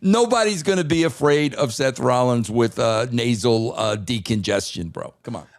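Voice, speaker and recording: A man co-hosting a wrestling talk show, with loose, excitable banter and frequent "bro.". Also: medium pitch, moderate pace, dry recording, studio quality. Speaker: co-host.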